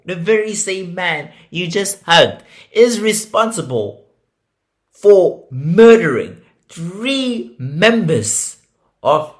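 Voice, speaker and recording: Indignant, animated male true-crime podcaster. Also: high-pitched, very slow. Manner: indignant, emphatic, swears freely.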